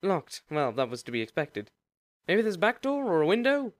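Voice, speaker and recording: A man voicing a fussy, proper dead woman who has come back as a zombie, speaking in a high, hesitant voice. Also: very animated, normal speed. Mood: wry.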